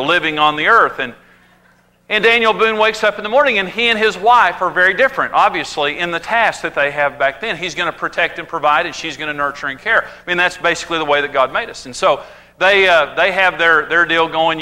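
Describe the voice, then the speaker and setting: Animated high-voiced male marriage teacher. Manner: animated storytelling, acting out quoted voices.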